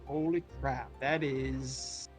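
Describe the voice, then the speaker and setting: A man's voice: medium pitch, steady tone, slow. A man playing along on a game stream, joking and teasing in casual banter. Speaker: co-op player on stream. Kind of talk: casual gaming chat. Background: faint game music.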